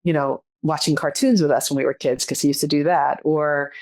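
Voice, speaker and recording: A woman's voice: sits low, steady tone, fairly quick, a little mellow. A middle-aged woman co-hosting a podcast, talking in a fond, rambling, reflective way. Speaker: podcast co-host. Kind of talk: casual chat.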